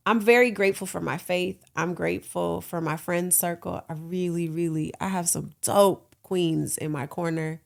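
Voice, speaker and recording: A woman's voice: lowish voice, moderate pace, vocal fry. A woman in her late thirties hosting her own podcast, talking frankly and playfully, laughing often and cheering listeners on. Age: 30s. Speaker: podcast host. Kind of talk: casual solo podcast talk.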